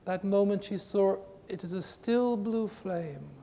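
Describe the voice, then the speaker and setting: A man giving an earnest spiritual talk to a group, with emphatic, repetitive phrasing, recorded in a reverberant hall with a faint rumble. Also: unhurried, dark tone. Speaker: spiritual teacher.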